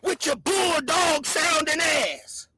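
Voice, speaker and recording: Shrill, shouting woman roasting someone. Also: lively intonation, slow, dry recording. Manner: loud, mocking, shouting insults. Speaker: livestream host. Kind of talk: insulting livestream rant.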